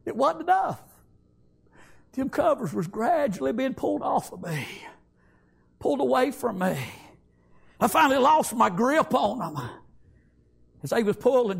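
A man giving a fervent sermon testimony, swinging from shouts to hushed tones and repeating phrases. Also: very high-pitched, creaky, slightly rough.

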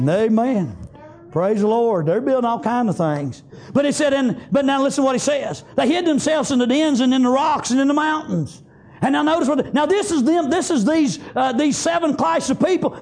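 Man, very high voice, fiery pulpit preacher, shouts his points. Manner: emphatic, shouting refrains, frequent amens. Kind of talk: fiery sermon. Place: church sanctuary.

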